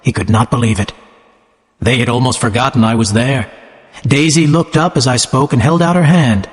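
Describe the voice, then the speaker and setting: A man narrating an audiobook for English learners in a measured, clearly enunciated way. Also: medium pitch. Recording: long hall reverb.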